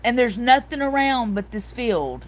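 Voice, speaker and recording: A woman's voice: a little high, big pitch swings, a little slow, rough recording. A woman, hosting a casual livestream chat, telling a story and reading out viewer comments. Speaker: host.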